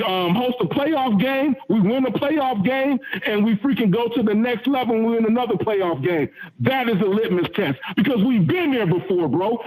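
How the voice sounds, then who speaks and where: A man's voice: very high voice, a little mellow, low-quality recording. Emotional rambling male caller on phone. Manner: emotional, rambling, repeats himself. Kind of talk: fan call-in rant. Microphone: phone call.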